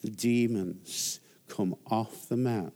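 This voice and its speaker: Slow-preaching guest pastor. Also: male voice, steady tone, mellow. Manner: storytelling, emphatic, rises in pitch for emphasis. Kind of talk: sermon.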